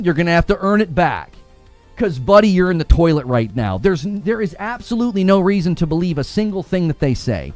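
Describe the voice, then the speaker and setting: A man's voice: high-pitched, dry recording. A man hosting a gaming commentary show, ranting in a heated, indignant and sarcastic way.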